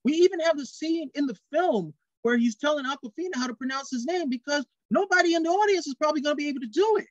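A man co-hosting a casual film review show, talking in an animated, rambling way with lots of restarts. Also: very high voice, quick pace, hardly any pauses, no room sound, muffled recording. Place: TV studio.

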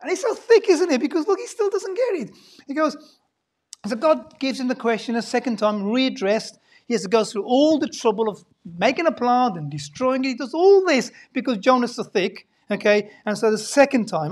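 A woman preaching a sermon in a dramatic, animated way, swinging between loud emphasis and hushed asides. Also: fairly high pitch, normal speed.

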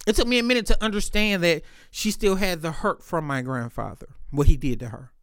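A man with a higher-than-usual voice tells stories in a loose, candid, heavily profane monologue. He is recorded close and dry, with no room sound around him. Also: brisk, fairly bright tone, clean tone, no echo. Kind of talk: casual storytelling monologue.

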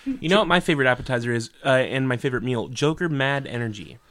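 A man's voice: mid-range voice, expressive, quick pace, fairly bright tone. A man co-hosting a crude comedy podcast, playful in delivery. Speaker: podcast co-host.

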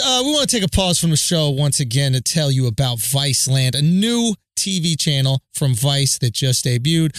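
A man co-hosting a podcast, chatting casually and reading ads, quick and joking. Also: fairly high pitch, fairly bright tone, dry recording, studio quality. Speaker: podcast co-host.

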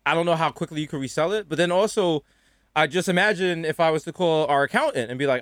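A man's voice: on the high side, quick pace, no echo, studio quality. A man co-hosting a podcast in casual chat, telling stories with lots of energy and acting out the people he quotes. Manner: animated storyteller who acts out quoted people. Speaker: podcast co-host.

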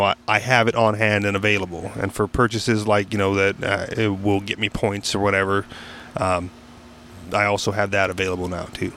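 A man hosting a casual podcast chat, telling a rambling story full of fillers and restarts, with casual swearing. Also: lowish voice. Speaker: podcast host.

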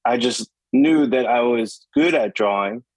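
Middle-aged New York guest musician, easygoing and full of fillers, mid-pitched and dry-sounding. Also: male voice, measured pace, no echo, low-quality recording. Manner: laid-back, filler-heavy. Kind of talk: casual interview chat.

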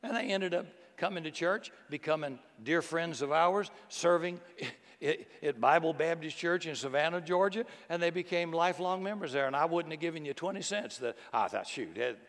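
Folksy preacher in a reverberant hall. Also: male voice, a little high, moderate pace. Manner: folksy, animated storytelling with sudden loud outbursts and soft hushed passages. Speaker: pastor. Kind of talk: sermon. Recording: long reverb from a big hall.

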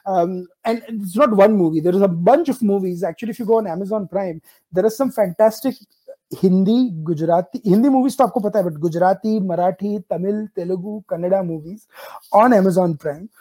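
Fast-talking man with an Indian accent, mellow voice. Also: sits high, rough recording. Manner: fluid, mixes in Hindi phrases. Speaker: podcast host. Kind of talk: casual podcast chat.

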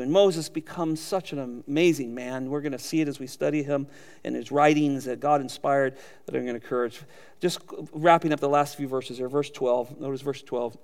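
A male pastor preaching with a fairly high voice and lively delivery. He acts out quotes in character and chuckles often as he talks. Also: fairly quick, in a large hall. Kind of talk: sermon.

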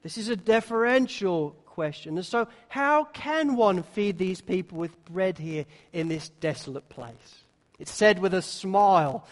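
A man preaching a sermon, now and then acting out the disciples' words in quick little voices. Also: sits high, lively intonation. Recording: long hall reverb.

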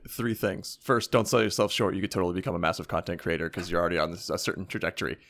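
A man hosting a podcast interview, asking questions in a wry, joking manner with long, quick runs of talk. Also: deep voice, steady tone, vocal fry, fairly bright tone, dry recording. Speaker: podcast host.

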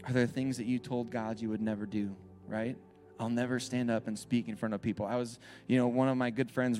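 A man's voice: medium pitch, darkish tone. A man preaching a sermon in a church, speaking in a casual, conversational way and often checking in with the crowd.

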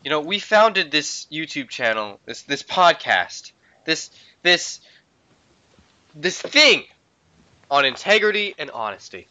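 Lively teasing young man, bright voice. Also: a little high, takes it slowly, dry recording. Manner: teasing, laughing, playfully outraged. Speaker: podcast co-host. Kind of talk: casual chat among friends over a call. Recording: lo-fi online call audio.

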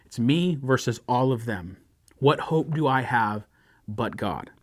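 A man delivering a sermon at a medium pitch, reading scripture passages with building emphasis. Between readings he talks casually and acts out the voices of the people in the passage. The sound is dry, with no room echo. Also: animated, a little slow. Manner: reads scripture aloud with rising emphasis, then explains conversationally; acts out sarcastic and pleading voices in quotes. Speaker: pastor.

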